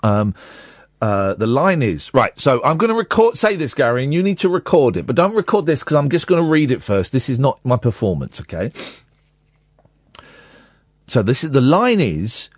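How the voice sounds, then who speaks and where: A man's voice: medium pitch, sing-song, fairly quick, no room sound, studio quality. A man hosting a late-night radio phone-in, talking casually and jokily, with mock-sincere readings. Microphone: studio microphone.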